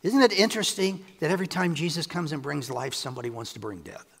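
A man preaching a sermon to a congregation, animated and quick to laugh as he paraphrases scripture. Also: fairly high pitch, gravelly, breathy edge, long reverb tail. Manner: animated, acts out scripture quotes, laughs often.

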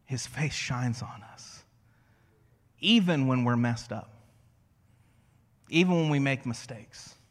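A man preaching a sermon as a pastor, conversational and storytelling, slowing to a hush on key phrases. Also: mid-range voice, in a large hall. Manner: conversational, storytelling with self-deprecating asides.

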